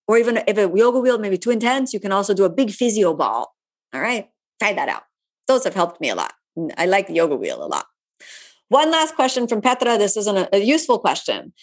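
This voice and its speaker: A woman yoga teacher answering viewer questions in a live online session. She talks in a relaxed, chatty way with many asides. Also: medium pitch, fairly quick.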